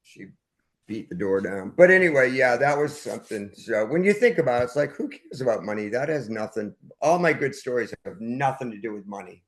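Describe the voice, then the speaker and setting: A man's voice: medium pitch, expressive, a little fast. An older man, a punk band frontman, talking casually as a podcast guest, rambling and often cutting himself off mid-thought. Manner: rambling, self-interrupting, trails off. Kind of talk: casual conversation. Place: at home, dog nearby.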